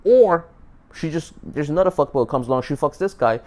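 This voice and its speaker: A man's voice: on the high side, fast talker. A man telling a dating story in a casual, profane monologue, often repeating and restarting words. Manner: animated, emphatic. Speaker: dating advice vlogger.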